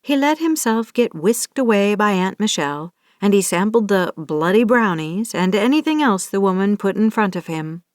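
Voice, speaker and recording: A woman's voice: mid-range voice, lively intonation, moderate pace, few pauses, no echo, studio quality. Woman narrating a romance audiobook. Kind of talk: scripted narration.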